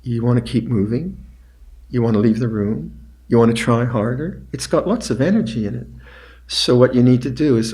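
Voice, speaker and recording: An older man gives a dharma talk at a meditation retreat. His voice sits at an ordinary mid pitch, calm and unhurried. He often repeats short phrases more quietly. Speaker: meditation teacher.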